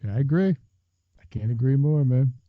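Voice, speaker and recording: A man's voice: mid-range voice, lively intonation, brisk, dry recording. A man co-hosting a sports betting podcast, mostly chiming in with short agreeing replies. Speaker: podcast co-host. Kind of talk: casual sports betting chat. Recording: dull lo-fi podcast audio.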